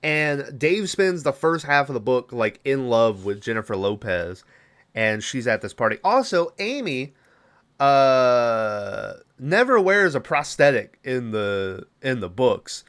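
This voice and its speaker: A man's voice: mid-range voice, sing-song, takes it slowly, a bit bright. A man hosting a podcast, recapping a movie in a rambling, casual way, full of filler words and swearing. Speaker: podcast host.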